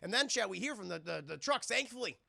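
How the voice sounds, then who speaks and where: Gravelly, high-voiced streamer recapping a film. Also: male voice, animated, fast talker, pushed and bright, no echo. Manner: rambling, crude, chatty. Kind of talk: casual profane scene-by-scene recap.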